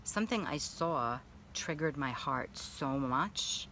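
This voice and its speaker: A woman with a low voice talks frankly on a live stream and swears freely as she reflects on her own feelings. She breaks off now and then to welcome viewers by name, and there is a faint hiss behind her. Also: expressive, slow, sharp tone. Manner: candid, profane, self-reflective, greets viewers by name. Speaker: spiritual coach. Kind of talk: live video monologue. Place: sitting in a baby pool.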